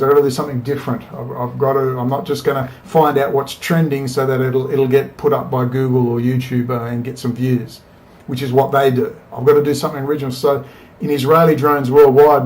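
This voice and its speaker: A man rants to camera in a combative, profane monologue. He fires off rapid rhetorical questions and talks in a middle pitch for a man. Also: a little mellow. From Australia. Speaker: political video commentator.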